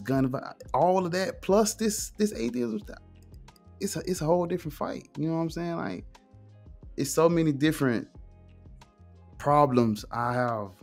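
Male guest, casual and animated, swears freely, pitch leaps on emphasis; faint music bed. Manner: animated, emphatic, swearing, frequent "you know what I'm saying". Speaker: guest, atheist streamer. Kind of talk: casual conversation.

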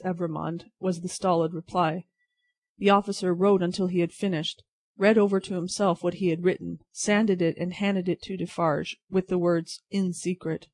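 A narrator giving a steady, even audiobook reading of a classic novel for English learners. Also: medium pitch, no echo.

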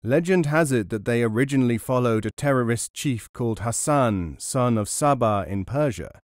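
A man's voice: medium pitch, expressive, normal speed, no echo, studio quality, close to an everyday voice. A man voicing a courteous, confident adult male leader of a band of men in an audiobook. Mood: informative.

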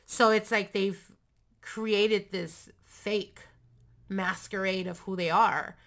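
A woman's voice: medium pitch, steady tone, slow pace, fairly bright tone. A young adult woman giving a casual, chatty tarot reading, talking frankly and swearing now and then. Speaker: tarot reader.

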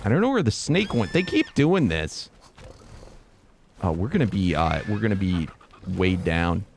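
A man's voice: low-pitched, sing-song, moderate pace, slight background noise. A man giving live gameplay commentary, swinging between frantic yelps and muttered groans. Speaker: gameplay streamer.

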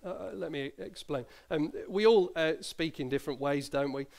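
Chatty preacher, slightly high voice. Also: male voice, normal speed, gravelly, darkish tone. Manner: conversational, self-deprecating, with asides and small laughs. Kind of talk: sermon. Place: church.

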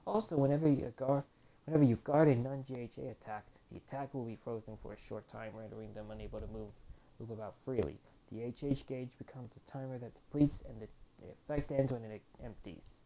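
A woman's voice: very deep voice, steady tone, fairly quick, mellow. A woman casually commenting on a fighting game as she plays, reading move descriptions aloud and groaning when she loses. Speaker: gameplay commentator. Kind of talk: casual let's-play commentary.

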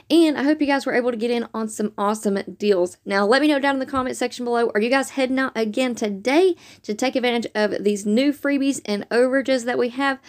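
Woman host, upbeat and chatty, slightly high, hoarse from overuse. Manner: upbeat, chatty, lots of "y'all". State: losing her voice, slightly raspy. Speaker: couponing channel host. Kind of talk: casual video chat to viewers.

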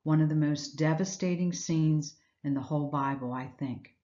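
A woman's voice: sits low, moderate pace, warm tone, muffled recording. A woman giving an Easter sermon, retelling scripture in a reflective storytelling way with rhetorical questions. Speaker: speaker giving an Easter message.

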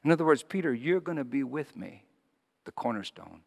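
Pastor preaching in a reverberant hall. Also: male voice, mid-range voice, brisk, gravelly. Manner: storytelling, shifting between hushed and animated. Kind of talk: sermon.

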